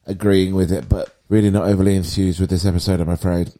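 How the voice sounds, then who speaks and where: A man chatting on a podcast, measured and a little wry. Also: low voice, level tone, dark tone. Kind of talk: casual chat.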